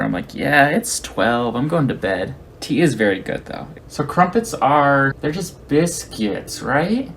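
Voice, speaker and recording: A man's voice: mid-range voice, slight background noise. A man streaming live, chatting casually with viewers and thinking aloud while he works on a repair.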